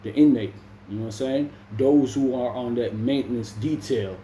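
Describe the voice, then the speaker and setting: A man's voice: mid-range voice, normal speed, mellow, a little hiss or hum. A man from Jamaica casually telling a prison story in slangy talk, calling the listener "bro" again and again. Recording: echoey room with faint ambience.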